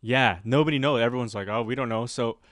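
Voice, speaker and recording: Speaking quickly in a mid-range voice, this man hosts a podcast and spins a story, impersonating the people involved. The delivery is animated and casual, and the studio-quality audio has no echo.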